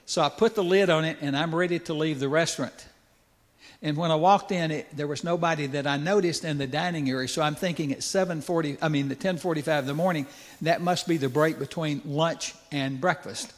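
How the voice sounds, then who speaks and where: An older man giving a folksy, conversational sermon story, with asides to the audience. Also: fairly high pitch. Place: church sanctuary. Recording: echoey church hall.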